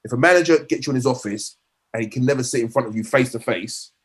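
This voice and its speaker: A middle-aged man talks quickly, telling a long stretch of football stories. His pitch sits in the middle of the male range. He keeps restarting his sentences and slips into voicing the people he quotes. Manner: rambling anecdotes with frequent restarts and acted quotes. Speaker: former footballer guest. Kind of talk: storytelling in a podcast interview.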